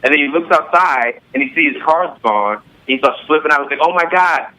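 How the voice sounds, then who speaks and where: A male podcast voice telling an outrageous story with animated, profane energy and acting out the people in it. His tone is sharp and forceful, and it sits slightly high. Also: fairly quick, rough recording. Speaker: podcast guest or co-host.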